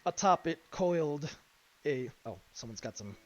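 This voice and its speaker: Halting man game master, high voice. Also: expressive. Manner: halting narration with many fillers and restarts. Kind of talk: narrating a tabletop game. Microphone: streaming mic. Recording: dull lo-fi stream, faint music.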